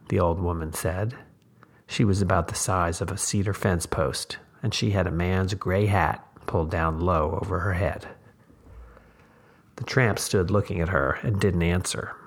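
A man, the host, reading a short story aloud in measured, unhurried scripted narration. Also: sits low, breathy edge.

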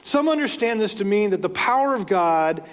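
Pastor, male, high voice, chatty sermon delivery with asides, long church-hall reverb. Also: lively intonation, normal speed. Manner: conversational, retells scripture stories with asides.

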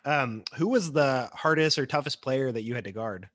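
A man's voice: mid-range voice, lively intonation, normal speed, a bit bright, no room sound. A man hosting a casual podcast interview, asking questions in a friendly way with fillers. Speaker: podcast host.

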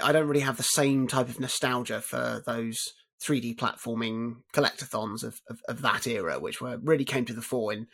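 A man co-hosting a casual game podcast who talks in a relaxed, rambling way, often restarting his sentences. His voice is slightly husky. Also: medium pitch. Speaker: podcast co-host. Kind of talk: casual chat about video games.

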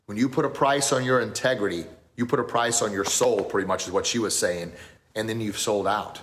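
A man's voice: on the low side, brisk, a bit bright. A middle-aged man, a martial arts school owner hosting a podcast, tells a personal story in a rambling, earnest way with many restarts. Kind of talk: casual storytelling.

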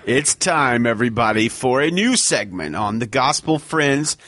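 A man's voice: medium pitch, animated, moderate pace, a bit bright, no echo. Male podcast co-host, teasing, explains topics, dry studio sound. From Alabama. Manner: bantering, reads quotes aloud. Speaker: podcast co-host, segment presenter. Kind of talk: casual chat.

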